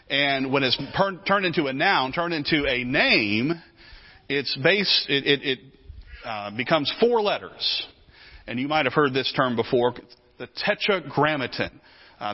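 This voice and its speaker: A male preacher giving a teaching sermon, animated, often repeating words as he explains. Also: mid-range voice, highs cut off.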